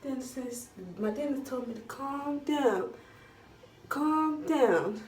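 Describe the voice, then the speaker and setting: A young woman vlogger telling a casual storytime in an animated, dramatic way, full of slang. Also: high voice, a little slow. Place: at home, doing her hair while talking. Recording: roomy echo from a distance, faint background hum.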